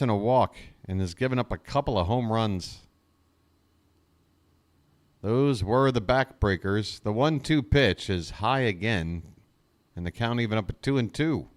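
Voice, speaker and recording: Exasperated fan calling a baseball game. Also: male voice, fairly low pitch. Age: adult. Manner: exasperated, sarcastic, jokey asides. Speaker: fan play-by-play host. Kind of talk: live fan play-by-play commentary.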